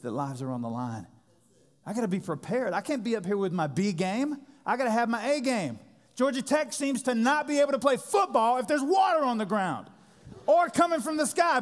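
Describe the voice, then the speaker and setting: A man in his thirties preaching a sermon as pastor, impassioned, swinging between loud emphasis and quiet intensity. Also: very high voice. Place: church sanctuary. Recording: long hall reverb.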